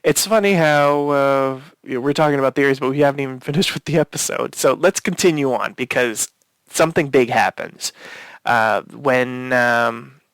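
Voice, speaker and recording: A man co-hosts a casual podcast, talking through a TV episode with lots of fillers and eager restarts. His voice has a gravelly edge over a smooth, resonant core. The sound is close and dry. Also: medium pitch, moderate pace, fairly bright tone, dry recording. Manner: rambling, many fillers and restarts; enthusiastic, swears casually. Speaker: podcast co-host. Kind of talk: casual episode recap chat.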